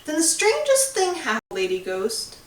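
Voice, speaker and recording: A woman reading aloud voices a sweet, sparkly old woman ghost with a gentle, fussing lilt. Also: sits high, wildly swooping pitch, moderate pace, pitched above the performer's own voice. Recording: roomy, distant recording.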